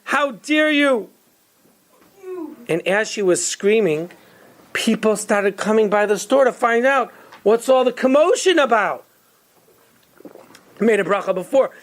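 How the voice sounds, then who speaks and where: A woman telling a story in a lively, conversational way, with asides to her listeners. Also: mid-range voice, normal speed, long pauses. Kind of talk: storytelling to an audience.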